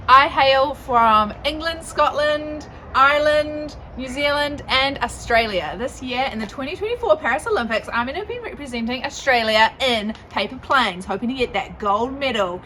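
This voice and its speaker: A woman playing a brash, cheery Australian paper-plane athlete who breaks into loud chants. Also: high-pitched, animated, normal speed, a little hiss or hum.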